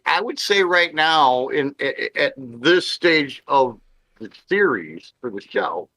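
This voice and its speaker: A man co-hosting a podcast, his pitch swinging widely as he chats about a show. He stammers into sentences and acts out quoted lines, close to the mic in a dry, dead room. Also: expressive, slow pace, sharp tone, dry recording. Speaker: podcast co-host. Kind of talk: casual chat about a show.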